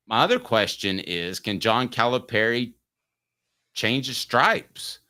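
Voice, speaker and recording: A man's voice: medium pitch, big pitch swings, slow, bright, forceful tone, clean tone. A man hosting a sports talk show, opinionated and emphatic, arguing his points with rhetorical questions.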